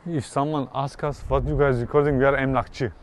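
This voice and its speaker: A man's voice: mid-range voice, brisk. A man chatting casually and making jokes as he hikes up outdoor stairs with a companion. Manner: relaxed, joking. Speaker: hiking companion. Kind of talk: casual chat while hiking.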